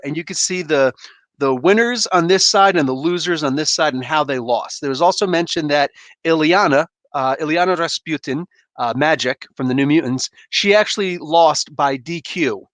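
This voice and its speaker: A man's voice: a little high, moderate pace, fairly bright tone, no echo. A man casually reviewing comics on a live stream, loose and joking, laughing often and swearing a bit.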